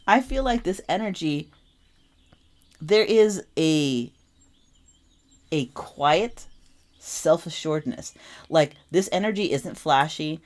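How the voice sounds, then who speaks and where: Young female tarot reader, deep-set voice, expressive and repetitive delivery. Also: slow pace, long pauses. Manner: animated, repeats phrases for emphasis. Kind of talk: casual tarot reading monologue.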